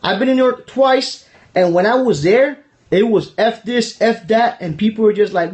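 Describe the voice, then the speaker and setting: A man with a rather high voice delivers a casual political rant as host of his own show. He talks heatedly and profanely, circling back to the same points again and again, and swears freely. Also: normal speed, a little mellow. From Miami, Florida.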